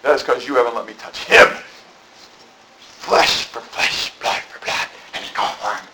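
A preacher voicing a menacing male devil in a low, hissing voice. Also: expressive, measured pace, bright, forceful tone.

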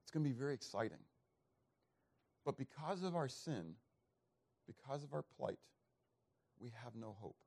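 A man preaching a sermon, reading scripture and throwing questions back to the congregation, with sharp swings between loud and soft. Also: mid-range voice, animated, normal speed, vocal fry, long pauses, husky. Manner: call-and-response questions, emphatic swings in loudness. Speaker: pastor.

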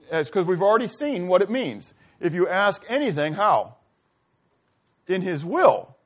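A man's voice: very animated, normal speed. Man preaching with a conversational lilt. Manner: conversational preacher asking the congregation questions; acts out dialogue, voice dropping low and soft. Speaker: pastor. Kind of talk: sermon.

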